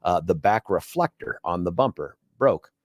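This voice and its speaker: A man's voice: animated, normal speed, dry recording. A man hosting a radio talk show, telling jokey stories and acting out the other people in them. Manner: jokey storyteller, acting out dialogue with big pitch jumps. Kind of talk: casual radio banter. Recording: dry studio mic.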